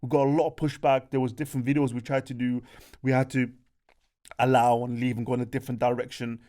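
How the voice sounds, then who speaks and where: A young man, co-hosting a podcast and telling a story in an animated, chatty way, often checking in with his listeners. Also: medium pitch, fast talker. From Birmingham, England. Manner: animated, chatty, peppers speech with "bro" and "do you know what I mean". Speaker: podcast co-host.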